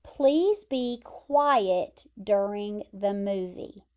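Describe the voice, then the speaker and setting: A woman with an American accent teaching English vocabulary, explaining word pairs carefully and repeating pronunciations clearly. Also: medium pitch, expressive, extremely slow, darkish tone. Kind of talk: vocabulary lesson.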